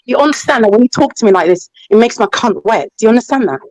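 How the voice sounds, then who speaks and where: A high-voiced woman with a swooping, animated delivery, bantering on a live online panel. She talks in a crude, teasing, flirty way. The sound is close and dry, picked up by a computer mic on a call. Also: fast, no room sound, low-quality recording. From Jamaica.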